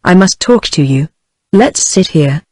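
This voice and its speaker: A woman's voice: on the low side, expressive, unhurried, a little mellow, no echo. A text-to-speech female voice with a British English accent reading the lines of an anxious young married woman who pleads earnestly. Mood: pleading. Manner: earnest and imploring.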